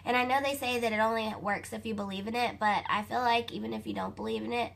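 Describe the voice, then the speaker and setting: Bright, gravelly Southern-toned young woman. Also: fairly high pitch, fast talker. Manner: animated, chatty, addresses viewers as you guys. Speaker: vlogger telling a personal story. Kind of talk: casual storytelling to camera.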